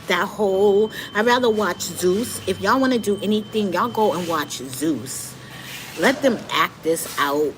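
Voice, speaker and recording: A middle-aged woman hosting a live stream, giving candid, animated commentary straight to her viewers. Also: lowish voice, poor audio. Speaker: livestream host. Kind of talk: casual commentary monologue. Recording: noticeable background noise.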